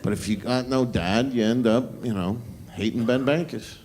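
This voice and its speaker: A man's voice: mid-range voice, normal speed, very noisy. Crude, mocking male stand-up comic. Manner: crude, mocking, swaggering delivery. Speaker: stand-up comedian. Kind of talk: stand-up comedy set. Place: comedy club stage.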